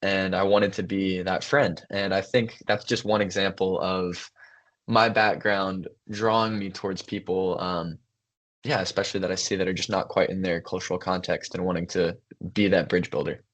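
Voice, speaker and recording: Young guy on a podcast, lowish voice, chatty storytelling, lots of ums. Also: fairly even intonation, moderate pace, a bit bright. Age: young adult. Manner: thoughtful, storytelling, many fillers. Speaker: podcast co-host, son. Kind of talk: casual conversation.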